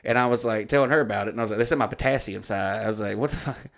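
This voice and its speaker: A man's voice: on the low side, very fast, creaky. Profane man spinning a rambling story. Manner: profane, rambling anecdotes acting out quoted dialogue. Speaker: podcast co-host. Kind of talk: comedic storytelling chat.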